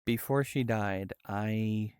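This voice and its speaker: Slow, halting soft-spoken man. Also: lowish voice, smooth, no echo, clean studio sound. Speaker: livestreamer. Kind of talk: casual livestream chat. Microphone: VR headset setup.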